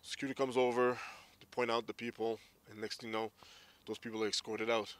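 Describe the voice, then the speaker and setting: A man's voice: medium pitch, level tone, quick pace, a bit bright. Candid man telling his own story. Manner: candid, reflective, recounting memories. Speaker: guest, former hockey player. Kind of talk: casual interview storytelling.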